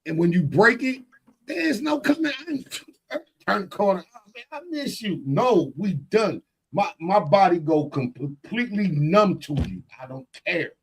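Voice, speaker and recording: A middle-aged man co-hosting a podcast, telling stories in blunt, profane, animated casual chat. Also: high-pitched, unhurried, slightly rough, poor audio. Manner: blunt and emphatic. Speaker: podcast co-host.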